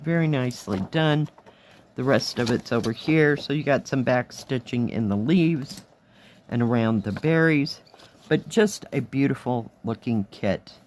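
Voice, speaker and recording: A woman with a hoarse, fading voice, chatting casually through a craft kit review, admiring the pieces and counting aloud as she goes. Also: very deep voice, a little slow, darkish tone, a little hiss or hum. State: hoarse, losing her voice. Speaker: cross-stitch vlogger.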